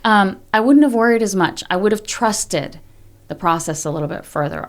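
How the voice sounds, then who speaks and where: A woman's voice: on the low side, brisk. A middle-aged woman speaking candidly as a podcast guest, blunt and emphatic, swearing freely as she talks. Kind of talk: candid conversational interview.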